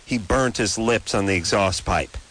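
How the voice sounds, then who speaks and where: A man hosting a late-night radio call-in show, riffing sarcastically and rambling through jokes with quick asides. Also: fairly low pitch, a bit bright, poor audio.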